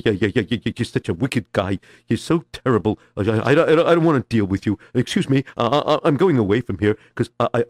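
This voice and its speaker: A man's voice: lowish voice, darkish tone, dry recording, studio quality, lightly acted. A man voicing a stammering younger brother who inherited all his father's wealth. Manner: stammering, repeats words.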